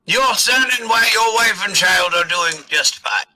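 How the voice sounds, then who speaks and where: A man's voice: high-pitched, expressive, measured pace, pushed and bright, heavily acted, rough recording. A man voicing a fussy, flustered male keeper of a magical maze in a tabletop game. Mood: busy.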